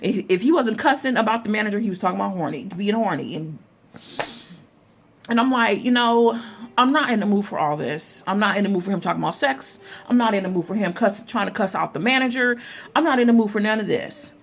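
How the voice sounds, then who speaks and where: A young woman, talking straight to her viewers in a casual storytime vlog. She is chatty and rambling, calls her audience y'all, and keeps circling back with fillers and restarts. Her voice sits at a middle pitch. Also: lively intonation, brisk, vocal fry, a little hiss or hum. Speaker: vlogger.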